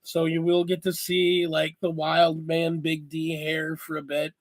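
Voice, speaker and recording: A man's voice: fairly high pitch, monotone, a little slow. A man hosting a casual video chat, tired and coughing after an illness, rambling candidly and swearing now and then. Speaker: host.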